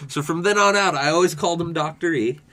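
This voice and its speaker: A man's voice: on the high side, fast talker, bright, forceful tone. A young man co-hosting a podcast, telling funny workplace stories in casual chat and laughing as he acts out what people said. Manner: laughs through his storytelling, acts out quotes. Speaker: podcast co-host.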